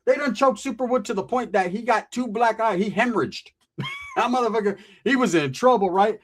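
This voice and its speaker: A man's voice: high voice, lively intonation, brisk, slight background noise. A man telling a rowdy story in casual, profane, slang-heavy talk on a podcast. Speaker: podcast host.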